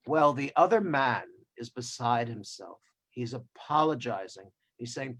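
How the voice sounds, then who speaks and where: A man's voice: medium pitch, animated, normal speed, fairly bright tone, slightly rough, low-quality recording. A man giving a sermon as a rabbi, telling a story with wry joking asides over a video call.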